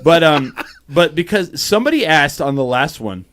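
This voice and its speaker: Animated, profane man telling stories. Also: fairly high pitch, noisy background. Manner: quick, run-on delivery with many restarts. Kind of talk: casual chat.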